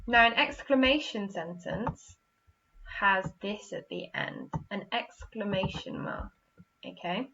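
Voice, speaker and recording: A woman's voice: mid-range voice, lively intonation, takes it slowly, gravelly, pushed and bright, highs cut off, a little hiss or hum. A woman teaching a primary school literacy lesson, patiently repeating "okay?" and acting out example sentences with expression. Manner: patient, repeats "okay?" after each point.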